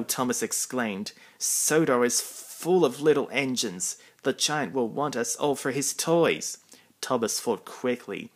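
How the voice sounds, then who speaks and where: A man reading a children's storybook aloud in a plain, even narration. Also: mid-range voice.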